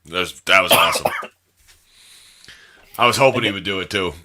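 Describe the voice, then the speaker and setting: A man with a fairly low voice and a very bright, sharp edge to it joins a relaxed conversation. He mostly answers in short bursts of agreement and pauses to think back when he can't recall something. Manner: short agreeing replies, searching for names. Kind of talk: casual chat.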